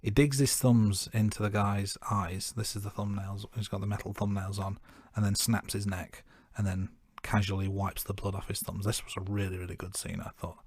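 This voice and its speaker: Low-voiced man recapping a film. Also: moderate pace, hardly any pauses, husky, no echo. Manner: relaxed, self-deprecating recap of scenes. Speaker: podcast co-host. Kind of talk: casual film-review chat.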